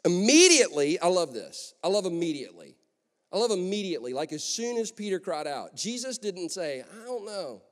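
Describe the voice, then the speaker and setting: Energetic high-voiced male preacher, echoing hall. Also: fairly quick. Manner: energetic, conversational, joking asides. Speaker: pastor. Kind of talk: lively sermon. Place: large church hall. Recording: long echo of a church hall.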